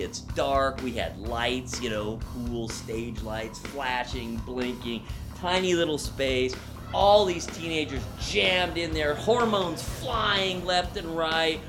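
A middle-aged man from Ohio telling a vivid personal story as a guest, with dramatic rises in pitch and loudness. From Ohio, USA.

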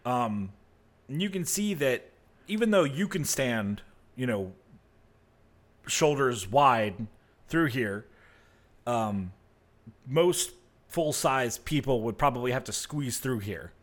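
A man narrating as game master of a tabletop game, relaxed and hesitant with many fillers. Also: mid-range voice, slow pace, pauses often.

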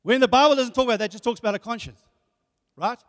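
A man preaching with a very high voice, animated and full of rhetorical questions. He stumbles over repeated words as he builds each point. His voice rings out with a long hall reverb. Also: fast talker. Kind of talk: sermon.

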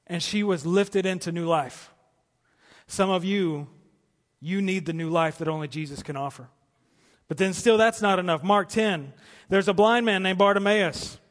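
Male pastor, high register, passionate sermon delivery with soft asides; long hall reverb. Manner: impassioned preaching, rising to emphatic peaks and dropping to soft pleas. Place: church auditorium.

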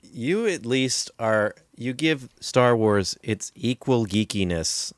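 A man's voice: mid-range voice, expressive, slow pace, no echo, studio quality. A man co-hosting a podcast, chiming in with teasing asides. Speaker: podcast co-host. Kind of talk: casual chat.

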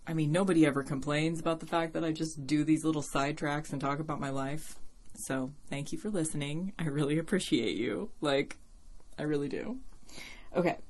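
A woman with a notably low voice talks through her podcast in an easy, rambling way. She laughs often, drifts into side tracks and swears casually, recorded at home. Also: a little fast, darkish tone. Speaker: podcast host. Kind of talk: casual chat.

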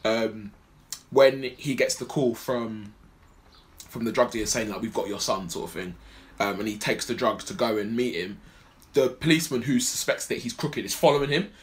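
A man's voice: fairly low pitch, moderate pace. A man co-hosting a podcast, chatting casually and animatedly about a film, rambling and swearing often. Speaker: podcast co-host. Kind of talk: casual film review chat.

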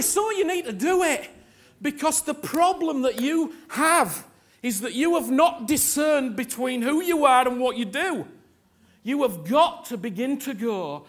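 A male preacher delivers a sermon in an unusually high, bright voice. He speaks slowly and deliberately, stretching key phrases for emphasis. His delivery is impassioned, with sudden loud peaks as he urges the congregation on. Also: animated.

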